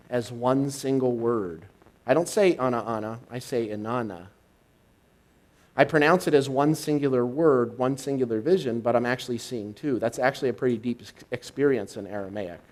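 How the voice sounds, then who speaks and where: A man's voice: medium pitch, low-quality recording. Reflective male minister giving a sermon. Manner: teaching, reflective, unhurried. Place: spiritual center congregation, live.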